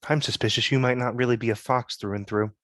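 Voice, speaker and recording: A man's voice: medium pitch, steady tone, quick pace, a bit bright, no room sound. A man playing in a tabletop game, chatting in and out of character with dry, wry questions. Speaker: player.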